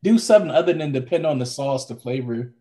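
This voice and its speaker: A man's voice: mid-range voice, animated, fast, warm tone. A man co-hosting a podcast in a casual, rambling chat, often repeating himself. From from Maryland, now Florida. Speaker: podcast co-host.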